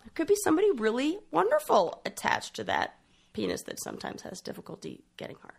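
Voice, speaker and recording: Frank woman with a lively, gravelly voice. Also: sits high, quick pace. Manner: frank, blunt, teasing. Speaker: podcast co-host. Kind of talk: casual chat.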